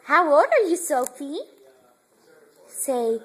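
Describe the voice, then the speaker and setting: Mom babytalking her little one, super high voice, slow and drawn out, phone video at home. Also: big pitch swings, a bit bright. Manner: sing-song, doting, frequent laughter. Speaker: mother filming her baby. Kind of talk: baby talk to an infant. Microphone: handheld phone camera.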